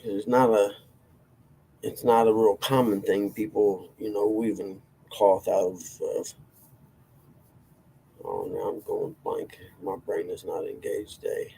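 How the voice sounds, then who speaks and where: A man with a low, gravelly voice and a dark, mellow tone chats loosely with viewers as a livestream host. He rambles, puts himself down in good humour, and chuckles easily between thoughts. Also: little pitch movement, slow pace, slight background noise. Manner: rambling, self-deprecating, chuckles often. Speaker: livestream host reading chat. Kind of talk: casual chat.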